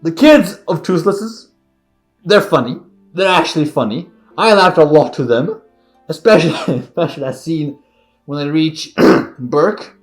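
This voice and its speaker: A man's voice: fairly high pitch, animated, unhurried, soft background music. A man giving a casual reaction commentary on a film, laughing often and repeating his exclamations. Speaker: reaction video creator.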